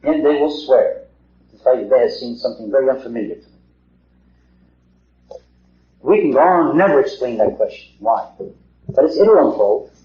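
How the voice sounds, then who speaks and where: A man's voice: medium pitch, expressive, brisk. A middle-aged man giving an earnest talk to a small group, asking rhetorical questions and repeating himself. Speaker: lecturer. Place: meeting hall. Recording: echoey hall, dull 1950s tape.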